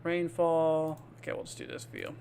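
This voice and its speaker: A man's voice: on the high side, wildly swooping pitch, normal speed, gravelly, a little mellow, slight background noise. A man hosting a live weather stream, chatting casually with lots of fillers and answering viewers by name. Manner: rambling, filler-heavy, reads viewer comments aloud; friendly, laid-back.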